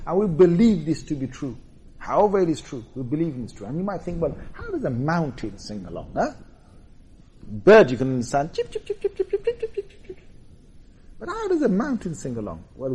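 A man preaching a sermon, telling prophet stories with emphatic, animated delivery and rhetorical questions to his audience. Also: a little high. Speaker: Islamic preacher. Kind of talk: sermon storytelling.

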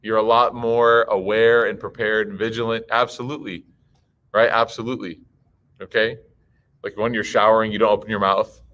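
A man giving a conversational religious talk to a live audience, telling stories in a lively way, acting out other people's voices and asking the crowd questions. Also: on the low side, moderate pace. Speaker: Muslim speaker giving a talk.

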